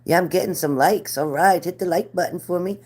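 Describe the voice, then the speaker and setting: A woman's voice: lowish voice, fairly quick, a little mellow, a little hiss or hum. Chatty woman doing live card readings. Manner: chatty, repeats viewers' names, gives earnest advice. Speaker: card reader.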